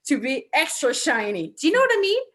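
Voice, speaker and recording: A woman with a thick French accent, co-hosting a casual chat and telling animated, self-deprecating stories. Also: sits high, quick pace. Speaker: podcast co-host.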